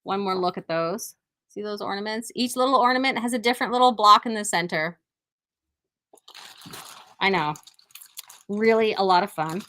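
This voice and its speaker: A chatty woman with a mid-range voice hosts a relaxed product showcase from a quilt shop. She talks warmly and eagerly, trips over her words and starts sentences again, and gushes over each item. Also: medium pitch, moderate pace, long pauses. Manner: chatty and enthusiastic, with frequent restarts. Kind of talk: casual live product showcase.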